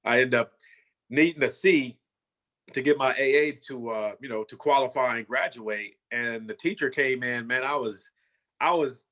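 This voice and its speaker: A man's voice: medium pitch, normal speed, fairly bright tone. A man in his fifties, a former football player, telling his story in a casual way and often saying "you know" and "man".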